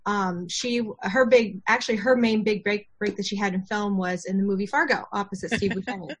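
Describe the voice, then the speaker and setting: A woman giving a chatty self-introduction in a class over a video call. She talks in an animated way with many fillers and laughs. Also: mid-range voice, brisk, slightly rough. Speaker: voiceover student introducing herself.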